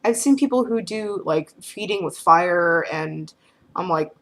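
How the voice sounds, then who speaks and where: A woman's voice: fairly low pitch, normal speed. A woman talking casually to the camera, answering questions in a frank, rambling way full of filler phrases.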